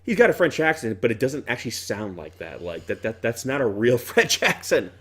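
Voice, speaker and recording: Animated man riffing on a movie. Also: medium pitch, a little fast, husky. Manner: animated, rambling, self-interrupting. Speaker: commentary co-host. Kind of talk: casual movie commentary chat.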